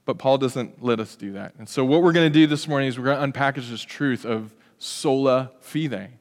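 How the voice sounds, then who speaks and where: A man's voice: medium pitch, brisk, long reverb tail. A man preaching an earnest, conversational sermon with frequent restarts. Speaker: pastor.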